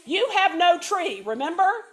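A cranky, bossy village mayor from a children's story, as a woman puts him on, gruff and snapping at every turn. He sits higher than a real man's voice and swings widely in pitch as he huffs and threatens. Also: sing-song, unhurried, a bit bright, soft background music, heavily acted. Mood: grumpy. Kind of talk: storybook read-aloud.

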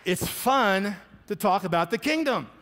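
High-pitched emphatic male preacher in a reverberant hall. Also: measured pace, crowd noise, noisy background. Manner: emphatic, animated storyteller acting out quotes. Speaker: pastor. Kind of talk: sermon with storytelling.

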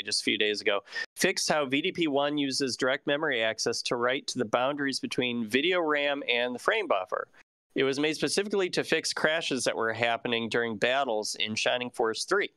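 Man, stream host, bright voice, dry close sound, rambly with lots of ums. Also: medium pitch, clear, resonant tone, no room sound. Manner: rambling, many fillers and restarts. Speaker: show host. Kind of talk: casual live-stream news chat.

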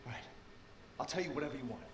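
A man's voice: mid-range voice, fast, roomy sound, distant mic, background noise, lightly acted. An actor playing a frantic trapped man. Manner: frantic, pleading. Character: panicked young man trapped in a house.

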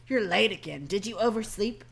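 A woman's voice: medium pitch, animated, moderate pace, gravelly, husky. A woman voicing a stern adult male coffee shop boss who scolds and mocks a late worker. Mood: scolding. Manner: scolding, sarcastic.

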